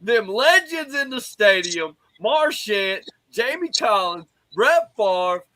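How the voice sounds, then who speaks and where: A man hosting a casual sports talk show, animated and preachy, calling on his co-hosts. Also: high voice, slow pace, no echo, poor audio. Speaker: host.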